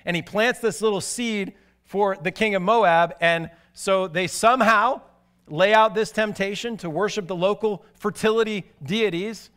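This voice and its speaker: A man preaching a sermon, telling stories animatedly and moving from excited to hushed and grave. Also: sits high, normal speed. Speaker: pastor.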